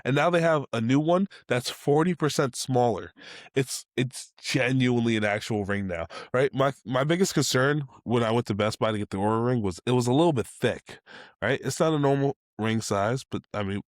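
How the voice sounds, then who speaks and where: A man co-hosting a casual tech podcast, lively and quick to laugh, short on sleep. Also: medium pitch, no echo, clean studio sound. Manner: animated, laughs through stories. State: sleep-deprived. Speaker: podcast co-host.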